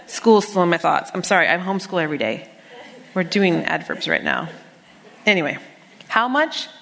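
A middle-aged woman delivers a sermon to a women's Bible study, chatty and animated, mixing jokes with scripture readings. Her voice sits in a middle range. It carries a long reverb from a large hall. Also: medium pitch. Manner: animated, conversational preaching with humor and quoted scripture.

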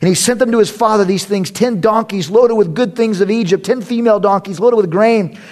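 A man's voice: sits high, a little fast, a little mellow. A man preaching a sermon as a pastor, joking and conversational, often breaking into laughter.

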